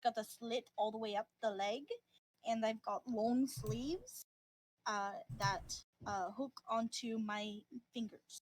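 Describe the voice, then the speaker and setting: A woman's voice: a little high, steady tone, takes it slowly, poor audio. A woman playing a tabletop game over a call, rambling with lots of fillers. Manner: rambling, lots of "like" and "you know". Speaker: player. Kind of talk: casual play over a call.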